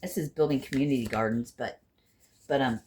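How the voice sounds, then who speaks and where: A woman giving a casual spiritual card reading to her viewers. She rambles and swears freely, and swings between loud bursts and hushed asides. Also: rumbling low, fairly quick, slight background noise. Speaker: intuitive card reader and healer.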